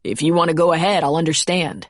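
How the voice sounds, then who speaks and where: A woman narrator plays a protective man carrying someone down a mountain, tender yet determined. Her voice is low and the recording is close and dry. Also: fast talker, no echo. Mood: tender urgent.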